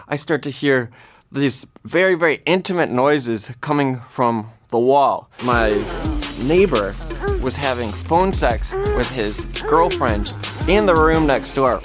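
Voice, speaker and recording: Excitable man telling a wild story. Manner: excitable, voice climbing high when panicked. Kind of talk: animated comic storytelling.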